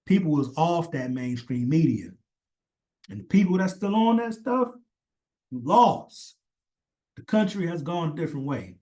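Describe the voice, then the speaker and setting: A man's voice: on the high side, animated, a little slow, long pauses, warm tone. Profane, rambling man with a raised voice. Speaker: commentator. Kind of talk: casual opinion rant.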